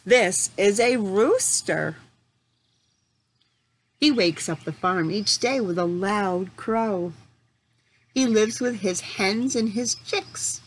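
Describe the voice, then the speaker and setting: A woman reading a picture book aloud to young children as their teacher, pausing to ask them gentle questions. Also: medium pitch, husky.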